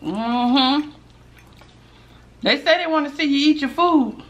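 A middle-aged woman hosting a mukbang at home, chatting casually with viewers while eating and sometimes dropping to a hushed voice. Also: sits high, slow, dull audio. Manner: chatty, talks while chewing, drops to a hushed voice for gossip. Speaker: mukbang host.

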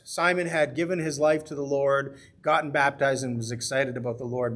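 A man teaching a Bible study as pastor, in an earnest, conversational way, sometimes acting out the voices he quotes. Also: mid-range voice.

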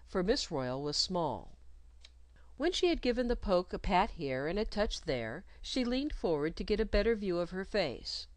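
A woman reading a story aloud in an expressive, measured way. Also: on the low side, no echo. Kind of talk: scripted storybook narration.

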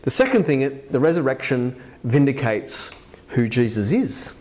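A man preaching a sermon in church, reading scripture aloud with lively, expressive emphasis. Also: medium pitch, moderate pace.

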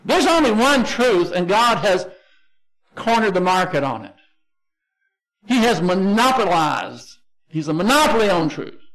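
A man with a Texan accent preaching a sermon as pastor, conversational and emphatic, slowing down to stress key phrases. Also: sits high, fairly bright tone, low-quality recording.

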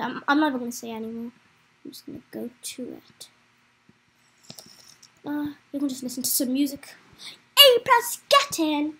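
A chatty young woman giving rambling, excitable commentary while she plays a game. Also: high-pitched, breathy edge, poor audio. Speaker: gameplay commentator. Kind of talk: casual let's-play commentary.

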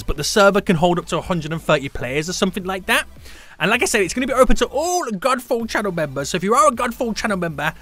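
Hyped, lively young male game streamer. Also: high voice. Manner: hyped, jokey, animated, greets chat members. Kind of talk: live-stream chat.

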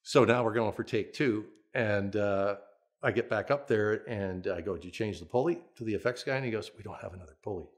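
An older man with a very low voice recalls his working life in a relaxed, storytelling way. He restarts his sentences often and chuckles as he talks, like someone being interviewed about a long career. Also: normal speed. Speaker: veteran stunt performer and coordinator.

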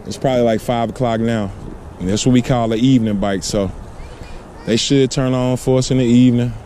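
A man casually vlogging his fishing, excitable and slangy, often repeating himself. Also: mid-range voice, brisk, a little hiss or hum. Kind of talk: casual on-camera fishing vlog. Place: outdoors on a city riverbank.

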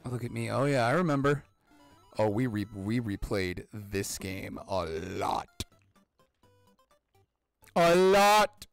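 A man in his thirties with a gravelly, fry-edged voice, commentating a video game as he plays. He rambles excitedly, swears freely and yelps at his mistakes. Faint game music plays behind him. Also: lowish voice, measured pace. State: out of breath. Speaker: gaming channel host. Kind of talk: excited let's-play commentary.

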